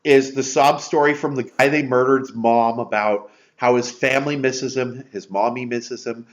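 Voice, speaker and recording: A man's voice: medium pitch, fairly even intonation, moderate pace. A man co-hosting a podcast, sarcastically retelling a movie's plot in casual chat. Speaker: podcast co-host. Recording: dull lo-fi sound.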